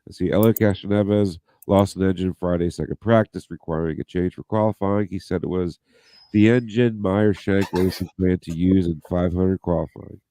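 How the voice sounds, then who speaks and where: A man's voice: low voice, fairly even intonation, moderate pace, dark tone. A man co-hosting a casual podcast, reading news items aloud and joking with profanity. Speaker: podcast co-host.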